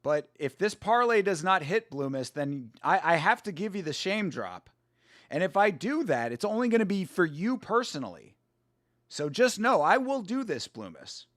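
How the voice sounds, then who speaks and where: A man's voice: high-pitched, big pitch swings, normal speed, a bit bright, dry recording, clean studio sound. A young man hosting a live fight watch-along stream, chatting casually, swearing and greeting viewers by name.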